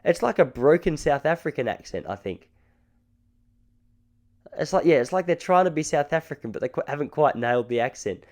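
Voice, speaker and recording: A man's voice: on the high side, animated, a little fast. An Australian man in his thirties hosting a podcast, telling rambling, joking stories in a casual solo monologue. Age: 30s. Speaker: podcast host.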